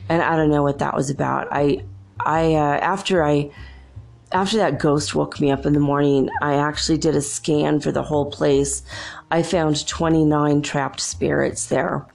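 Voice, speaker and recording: A woman's voice: deep voice, fairly even intonation, moderate pace, creaky, a little mellow. A woman hosting a show, telling chatty, rambling stories in a casual monologue and laughing often. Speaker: show host.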